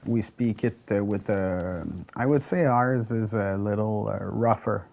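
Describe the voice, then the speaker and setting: A man's voice: fairly low pitch, a little slow, creaky, a little mellow. A French Canadian man whose first language is French, giving chatty, rambling gameplay commentary with casual swearing. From Quebec, Canada. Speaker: gaming channel host.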